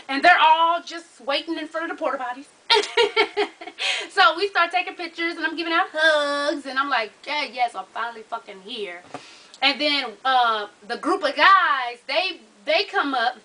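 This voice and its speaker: Animated, foul-mouthed woman telling a story. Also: high voice, recorded from a distance, low-quality recording. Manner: animated, profane, with vivid re-enacted dialogue. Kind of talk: casual storytelling.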